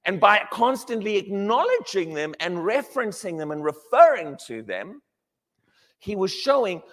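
Animated preacher man in a reverberant hall. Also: high-pitched. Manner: animated, emphatic, with repeated restarts. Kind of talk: sermon.

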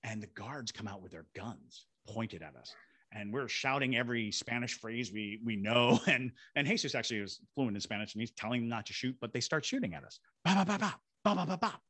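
Fairly quick and pushed, his medium-pitched voice sounds bright and slightly rough, with no echo. The speaker, a Savannah, Georgia ghost tour guide and paranormal investigator, acts out voices and sound effects while telling a story in a podcast interview.

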